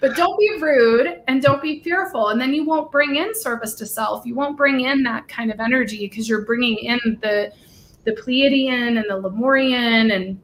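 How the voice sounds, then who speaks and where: A woman's voice: a little high, fairly bright tone, a little hiss or hum. A woman co-hosting a casual livestream chat, gushing and talkative, with lots of "like". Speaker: livestream co-host.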